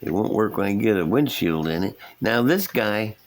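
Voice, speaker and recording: A man's voice: on the low side, animated, normal speed. A middle-aged man, casually showing his model builds at an indoor workbench and chatting in a folksy, rambling way. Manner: folksy, rambling, chuckles at himself. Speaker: scale model builder, channel host.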